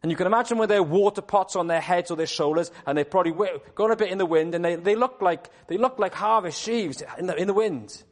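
Dramatic preacher, fairly high voice. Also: male voice, quick pace, few pauses. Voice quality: dramatic storytelling delivery, swinging from hushed to loud. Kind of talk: sermon. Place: church.

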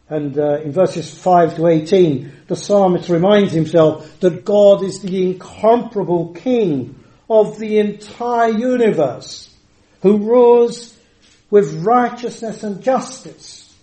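An older man preaches a sermon emphatically, drawing out words and varying his pace and volume. His voice is high-pitched and mellow, heard in an echoey hall.

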